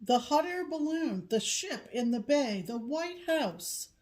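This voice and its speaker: A woman's voice: high-pitched, sing-song, slow, darkish tone. A woman co-hosting a casual chat, gushing and repeating her praise. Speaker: co-host.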